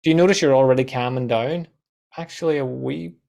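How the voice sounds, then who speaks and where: A man, a guest on a podcast, telling animated stories and acting out quoted voices, with casual swearing. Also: mid-range voice, brisk, creaky. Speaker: guest, content coach.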